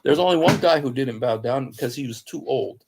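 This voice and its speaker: A man's voice: mid-range voice, a little fast, darkish tone, a little hiss or hum. A man giving an informal talk on scripture, telling the story conversationally and acting out the quoted speech of the people in it. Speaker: Christian apologist speaker.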